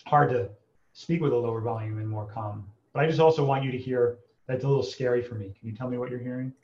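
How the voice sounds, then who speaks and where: Guy speaking softly n earnestly, kinda stops n restarts, echoey muffled room sound. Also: medium pitch, quick pace. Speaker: internist, guest. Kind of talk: calm conversational podcast talk.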